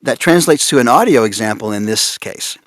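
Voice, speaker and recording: A man speaking on a conference panel about voice direction, amused and animated, laughing often. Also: mid-range voice, a little fast, no room sound, studio quality. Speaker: panelist on voice acting.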